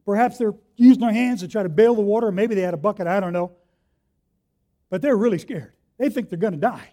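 A man preaching a sermon, telling the story vividly and swinging between hushed and loud delivery. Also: high-pitched, fairly quick. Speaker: pastor.

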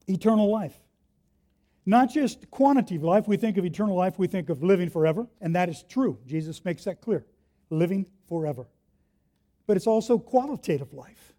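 A man preaching a sermon, telling the story vividly and swinging between hushed and loud delivery. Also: sits high, animated, a little fast. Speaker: pastor.

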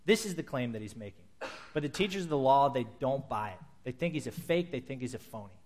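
A man's voice: mid-range voice, expressive, fast talker, a little mellow, slight background noise. A man, a pastor, preaching a sermon to his congregation in a conversational way, acting out quotes as he goes.

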